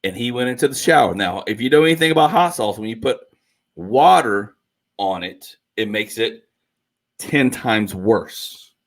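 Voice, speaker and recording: Man, low voice, casual podcast storytelling, animated, laughs a lot. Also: moderate pace. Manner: animated storyteller, laughs often, acts out quotes. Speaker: podcast co-host.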